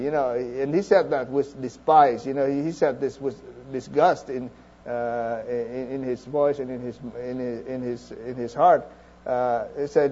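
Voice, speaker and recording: A man preaching a sermon in an earnest, halting way, with frequent restarts and fillers. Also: a little high, dark tone, lo-fi sound.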